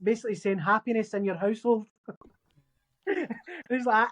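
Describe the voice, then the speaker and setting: Animated, storytelling woman podcaster. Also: on the high side, a little fast, long pauses. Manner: animated storyteller, acts out quotes. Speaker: podcast co-host. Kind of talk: casual chat.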